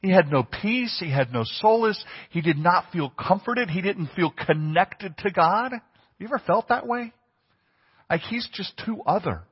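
Man, pastor, conversational sermon, husky, dull lo-fi recording. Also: high voice, expressive, unhurried. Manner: conversational preaching, asks the congregation questions. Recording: long reverb, dull lo-fi sound.

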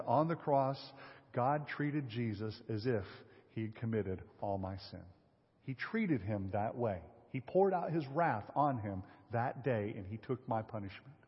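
Husky-voiced male pastor preaching in a hall. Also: mid-range voice. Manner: rhetorical questions to the congregation, swings from loud emphasis to hushed. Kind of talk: sermon. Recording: lo-fi sermon audio with long hall reverb.

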